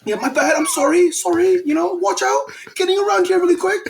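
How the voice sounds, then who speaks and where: A man voicing a fake British tourist with a bad put-on British accent, high and laughing. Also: fairly quick, a loud crowd. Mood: apologetic, jokey. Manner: high-pitched, laughing through it.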